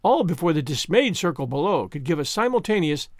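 A man narrating an audiobook in an expressive, measured reading. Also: fairly high pitch, no echo, studio quality.

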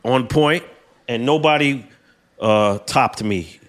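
A man's voice: medium pitch, slow, a bit bright. A man co-hosting a podcast in casual banter, chiming in and egging on the host. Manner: chimes in, laughs, eggs the host on.

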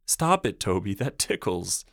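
A man's voice: lowish voice, expressive, normal speed, dry recording, clean studio sound, close to an everyday voice. A man narrating a story, voicing a young mother's lines in a strained, raised voice. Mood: laughing protest. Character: young mother, tense and uneasy.

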